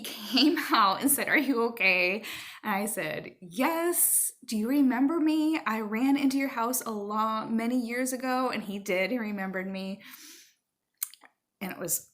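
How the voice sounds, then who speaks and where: A middle-aged woman telling a rambling personal story at home to her viewers, with fillers and pauses. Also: a little high, fairly bright tone. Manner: chatty, rambling with fillers, stops to talk to her child. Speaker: vlogger. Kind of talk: casual storytelling to camera.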